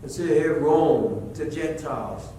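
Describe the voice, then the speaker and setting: A fairly high-voiced man preaches a sermon, moving between low, measured teaching and loud, impassioned stretches. He is picked up from some distance in a very echoey church sanctuary with a faint rumble behind him. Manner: preaching, rising to impassioned shouts. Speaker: pastor.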